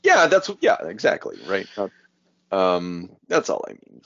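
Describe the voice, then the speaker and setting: A man's voice: low-pitched, wildly swooping pitch, unhurried, creaky, dry recording. A man co-hosting a podcast in casual chat, rambling and hedging with a wry edge, recorded dull and dry. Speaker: podcast co-host.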